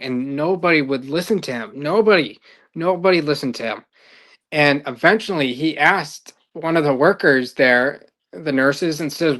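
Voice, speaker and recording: A man's voice: a little high, normal speed, fairly bright tone. A male life coach telling a story in a casual, rambling podcast monologue with fillers and restarts.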